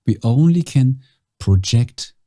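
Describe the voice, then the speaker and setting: A man, a voice-over coach, giving a slow, calm, reflective talk with dramatic pauses. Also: medium pitch.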